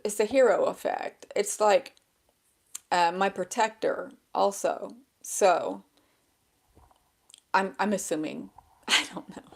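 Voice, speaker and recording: A woman vlogging at home in a casual, rambling way, losing her train of thought and laughing at herself, her voice a bit crackly. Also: medium pitch. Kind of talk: casual chat to camera. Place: indoors at a table with a laptop. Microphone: small handheld microphone.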